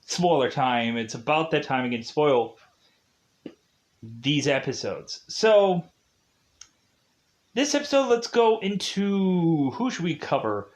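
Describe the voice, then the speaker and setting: A man's voice: fairly high pitch, lively intonation, takes it slowly, long pauses. A man giving a casual spoiler review of a TV show, rambling with many fillers and frequent laughs.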